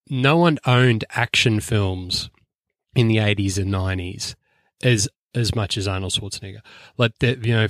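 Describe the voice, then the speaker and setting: Lowish, chatty podcast man. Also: no echo. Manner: rambling, filler-heavy, enthusiastic. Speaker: podcast co-host. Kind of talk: casual chat.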